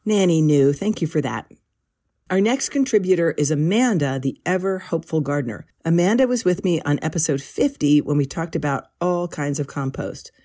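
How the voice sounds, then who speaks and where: Mellow-voiced woman hosting a gardening podcast. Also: low voice, lively intonation, normal speed. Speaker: podcast host.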